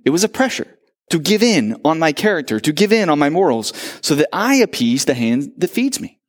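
Animated pastor preaching. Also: male voice, on the high side, brisk. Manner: animated storytelling with acted-out quotes. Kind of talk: sermon.

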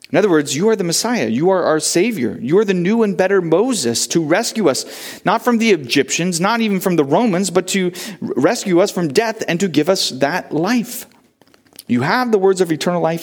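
A male pastor preaching a sermon, earnest, telling a story with frequent restarts. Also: on the high side.

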